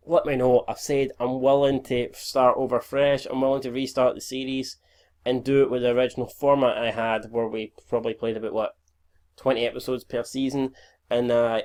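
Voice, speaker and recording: A man's voice: mid-range voice, darkish tone. A man in his twenties commentating his own video game, chatty and sweary, tired and stumbling over words as he records in the early morning. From Scotland. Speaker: gaming YouTuber. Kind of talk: casual gameplay commentary.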